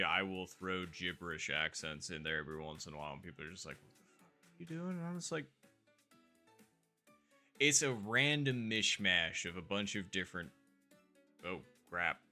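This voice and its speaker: A man with a low-sitting, sharp-toned voice streams live while playing a game. He rambles casually and chattily, full of fillers and little asides to himself.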